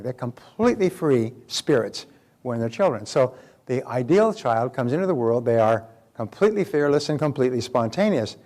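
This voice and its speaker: A man's voice: mid-range voice, very animated, moderate pace, a little mellow. An older man, a motivational speaker, lecturing in an emphatic, repetitive way and telling anecdotes with acted-out quotes.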